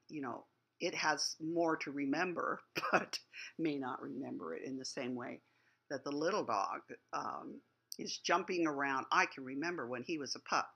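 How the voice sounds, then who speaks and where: A woman's voice: low voice, gravelly, sharp tone. A woman teacher giving a lecture on poetry, explaining things patiently and thinking aloud as she goes.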